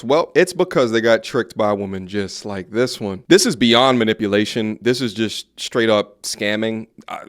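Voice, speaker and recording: A man's voice: on the low side, smooth. A man giving blunt, scornful reaction commentary on a video clip.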